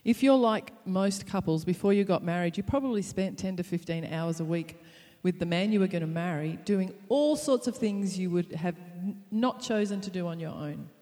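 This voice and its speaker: A woman's voice: lowish voice, normal speed, hardly any pauses, warm tone, long reverb tail. A woman preaching to wives in a playful, upbeat way, with laughs along the way. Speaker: pastor's wife. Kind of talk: sermon on marriage.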